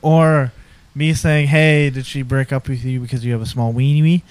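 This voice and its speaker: A man's voice: medium pitch, fairly even intonation, moderate pace, darkish tone, clear, resonant tone, no echo. A middle-aged man co-hosting a podcast, crude and joking, rambling through stories in casual banter. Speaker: podcast co-host.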